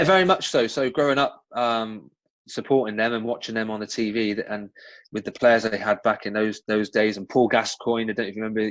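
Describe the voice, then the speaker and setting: A man speaking at medium pitch, recorded with no room sound and a dull quality. He's a former professional footballer from the West Country of England, a guest answering interview questions casually, full of ums and restarts as he tells animated anecdotes.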